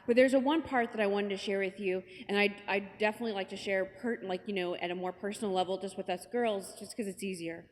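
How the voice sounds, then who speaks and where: A woman's voice: mid-range voice, fast talker, few pauses, slight background noise. Chatty woman storyteller in a reverberant hall. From United States. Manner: chatty, conversational, full of asides. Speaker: conference speaker. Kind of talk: personal storytelling talk. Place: large conference hall.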